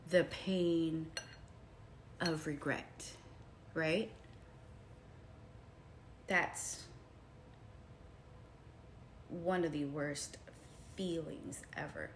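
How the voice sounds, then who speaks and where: A woman vlogger recounts a story to her viewers at a slow, easy pace. Her voice sits a little low, dropping to hushed tones for quoted asides and rising in excited bursts. A faint noise floor hangs under the recording. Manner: animated, addresses viewers as y'all, swings from hushed to shouting. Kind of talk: casual storytelling to camera.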